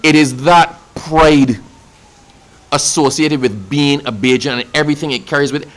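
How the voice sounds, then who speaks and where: A man's voice: on the high side, steady tone, moderate pace. Passionate Barbadian man, emphatic. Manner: passionate, emphatic, repeats phrases for effect. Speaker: official speaking about national celebrations. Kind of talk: interview answer.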